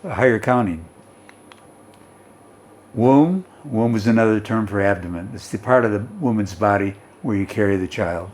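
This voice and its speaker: A man's voice: lowish voice, normal speed, a little mellow. A male teacher explaining a story and its vocabulary in an English lesson, reading aloud and often checking in with "okay?".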